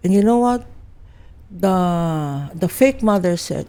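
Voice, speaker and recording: A woman's voice: fairly low pitch, expressive, slow, warm tone, clean tone. An older woman from the Philippines, a lawyer, speaking emphatically in an interview and mixing English with Filipino. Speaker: lawyer guest. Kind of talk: animated interview talk.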